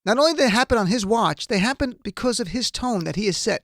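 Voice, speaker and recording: A man's voice: high voice, lively intonation, fast, a bit bright, dry recording, studio quality. A man hosting a political talk show, delivering emphatic, indignant commentary. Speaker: radio talk show host.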